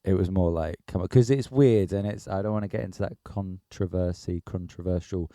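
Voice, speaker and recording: A man co-hosting a casual podcast, telling a long story with animated energy and plenty of swearing. His voice sits low and mellow. The sound is close and dry. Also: a little fast, no echo. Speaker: podcast co-host.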